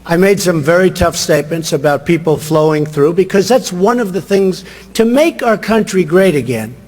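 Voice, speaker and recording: A man's voice: high voice, animated, normal speed, a little mellow. An older man giving a rambling, boastful campaign rally speech, repeating himself. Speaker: political candidate. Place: large rally venue. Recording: reverberant hall, long echo.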